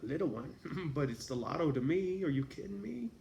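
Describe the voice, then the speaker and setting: A man's voice: on the high side, lively intonation, fairly quick, gravelly, mellow, roomy sound, a little hiss or hum. A man talking casually to his viewers in a rambling, profane vlog monologue, often laughing. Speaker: vlogger.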